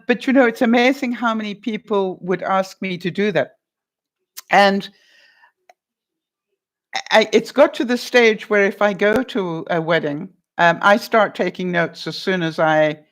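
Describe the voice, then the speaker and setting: A woman vlogger chatting casually to viewers and answering their comments, telling stories and laughing often. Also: medium pitch.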